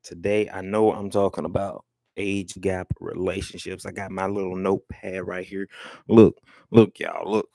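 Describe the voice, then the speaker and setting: A man's voice: low voice, little pitch movement, normal speed, gravelly, darkish tone, no room sound. A young man hosting his own live stream, talking loosely and joking with plenty of swearing. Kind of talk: casual livestream talk. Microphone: headphones with mic.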